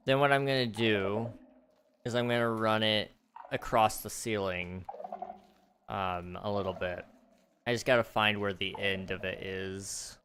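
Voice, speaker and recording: A man's voice: fairly low pitch, fairly even intonation, a little slow, fairly bright tone, a little hiss or hum. A man streaming a game, chatting casually with a rambling, morbid, joking manner and thinking aloud. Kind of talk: casual livestream chat while gaming.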